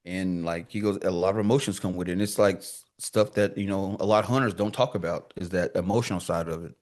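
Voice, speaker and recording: A man with a low voice talks at a quick pace as a guest on a casual podcast. He tells stories in a lively, slangy, relaxed way, acting out the quoted dialogue.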